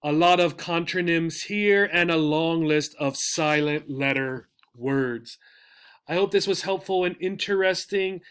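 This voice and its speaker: A man teaching an English pronunciation lesson, patient and explanatory. He often repeats words slowly and checks in with "right?". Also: a little high, fairly bright tone, clean tone.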